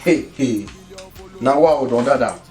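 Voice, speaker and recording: A man's voice: mid-range voice, normal speed, far from the mic, music in the background, natural voice. A man with a Nigerian Pidgin accent playing a producer in a comedy skit, reacting with incredulous questions. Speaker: producer listening to the story.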